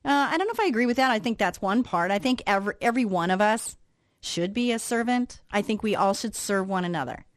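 Speaking quickly at a medium pitch, a woman on the radio tells an animated, informal story and acts out the responses she's quoting, then turns to devotional content. The recording is dry with a clean studio sound.

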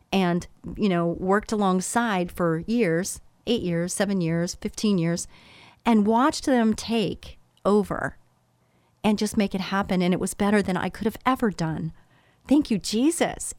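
A middle-aged woman speaks with earnest, heartfelt conviction, giving a motivational talk rooted in faith. Her voice sits at a middle pitch, and the recording is dry and close, with no room sound. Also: smooth, dry recording. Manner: earnest, faith-filled, emotional storytelling. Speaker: business owner and coach.

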